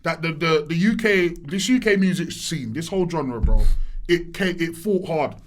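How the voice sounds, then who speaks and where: Man, podcast host, a touch high-pitched, animated, slangy. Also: moderate pace. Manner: animated, builds his point with repeated restarts and slang. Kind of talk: casual chat. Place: studio round a shared table.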